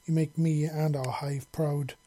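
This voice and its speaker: A man voicing a grown woman, a kind and earnest mother who speaks gently. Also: a little high, level tone, unhurried. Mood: gentle.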